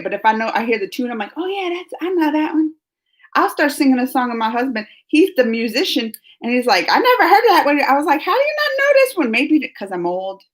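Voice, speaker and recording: Chatty high-voiced woman streamer. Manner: chatty, animated storytelling with laughs. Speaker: live-stream host reading chat. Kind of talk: casual live-stream chat.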